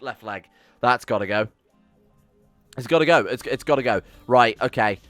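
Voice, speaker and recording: A man giving excitable let's-play commentary, swearing and bossing his colonists around, with faint music behind him. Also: medium pitch, normal speed, dry recording. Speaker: game streamer.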